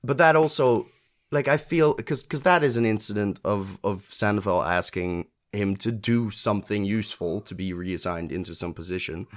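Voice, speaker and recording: A man's voice: lowish voice, normal speed. A man co-hosting a podcast in casual chat, thinking aloud with frequent restarts and fillers. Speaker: podcast co-host. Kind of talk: casual chat reviewing a TV episode.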